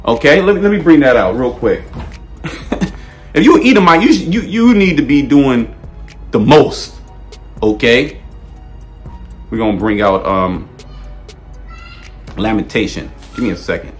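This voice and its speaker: A male preacher delivers a blunt, profane sermon in a fiery style. He swings his pitch up and down as he hammers each point, stumbles over restarts and keeps tagging on "okay?". Faint music plays behind him. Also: very animated, unhurried, pauses often. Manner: emphatic, repetitive, peppered with "okay?" and "all right?".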